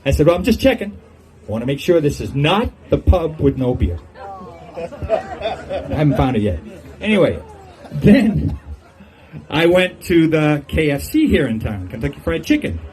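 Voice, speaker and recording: A man's voice: fairly high pitch, big pitch swings, unhurried, pauses often, a little mellow, some chatter behind, poor audio. An older man giving a humorous farewell speech on an outdoor patio, telling jokey stories and chuckling at his own punchlines. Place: outdoor golf club patio.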